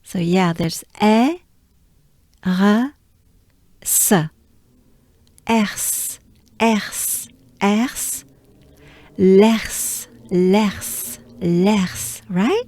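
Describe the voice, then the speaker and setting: French-accented woman tutor, patient and encouraging, unhurried delivery, dry booth-like sound. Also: mid-range voice, dark tone, no room sound. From France. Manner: drills syllables slowly, patient and encouraging. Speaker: pronunciation teacher. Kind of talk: slow pronunciation lesson.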